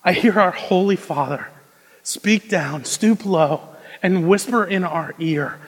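A young man preaching a sermon, moving between hushed intensity and loud, emphatic delivery. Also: high voice, slow. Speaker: pastor. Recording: long reverb of a large hall.

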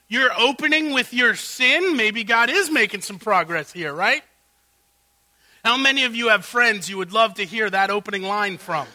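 A man preaching a sermon as pastor, swinging between loud exclamations and hushed asides. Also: high-pitched, normal speed, no room sound.

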